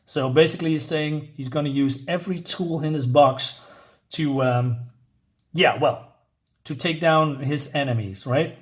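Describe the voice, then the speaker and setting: A man's voice: a little high, measured pace. A man casually reviewing a comic book issue, rambling and hesitant with lots of fillers.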